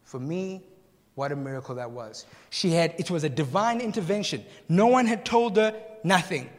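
Male pastor from South Africa, high voice, sermon storytelling, long hall reverb. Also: expressive, moderate pace. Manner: storytelling, laughs at own jokes, asks the congregation questions. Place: church hall.

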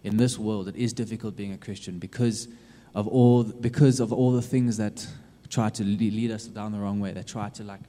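A man preaching a sermon in a low, mellow voice. He urges his listeners earnestly and repeats himself, dropping to a hush and then swelling up again. His words ring out with the long reverb of a large hall. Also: fairly even intonation, normal speed, hardly any pauses. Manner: earnest, repetitive urging with sudden loud and hushed swings. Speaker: youth preacher.

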